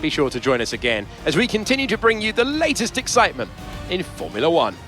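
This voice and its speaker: An upbeat racing tv presenter, pitch jumping around a lot, slightly high voice. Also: male voice, huge pitch swings, fast talker, fairly bright tone, soft background music. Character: polished male motorsport TV presenter. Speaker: in-game broadcast commentator. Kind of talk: scripted broadcast presenting.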